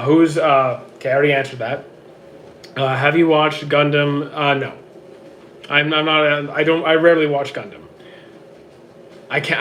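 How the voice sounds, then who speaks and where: A man with a hoarse, worn-out voice reads out viewer questions and answers them offhand in casual livestream chat from home. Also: medium pitch, fairly bright tone, a little hiss or hum. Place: home with roommates.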